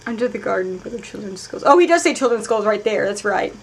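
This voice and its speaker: A woman giving casual live commentary while playing a game, thinking aloud, swearing, and moving between sudden loud outbursts and quiet muttering. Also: medium pitch, expressive, fast, slightly rough. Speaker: let's play streamer.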